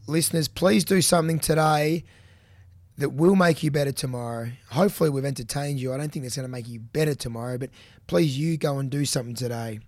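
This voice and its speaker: A man's voice: mid-range voice, fairly even intonation, brisk, dry recording. Chatty Australian man hosting a podcast. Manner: chatty and teasing. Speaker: podcast co-host. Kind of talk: casual chat.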